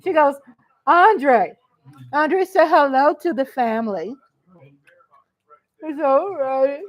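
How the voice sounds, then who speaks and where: A woman's voice: high-pitched, animated, slow pace, rough recording. A woman hosting a casual live chat, greeting viewers by name and laughing often. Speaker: livestream host.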